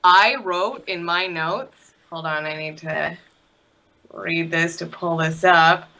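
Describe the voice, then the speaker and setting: A woman co-hosting a casual recap podcast, wry, reading from her notes and dropping quick quips. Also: fairly low pitch, fairly even intonation, bright, forceful tone. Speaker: podcast co-host.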